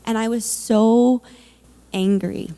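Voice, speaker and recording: A woman's voice: a little high, fairly even intonation, slow, mellow. A woman, a mother, sharing a personal faith testimony at a church service in a candid, conversational way, with frequent "like" and "um".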